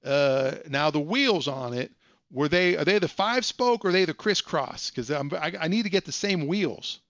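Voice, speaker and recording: A man's voice: fairly high pitch, expressive, normal speed, a bit bright, dry recording, lo-fi sound. A man voicing a young prank caller who poses as a fussy car buyer asking picky questions. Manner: fussy, questioning, mock-serious.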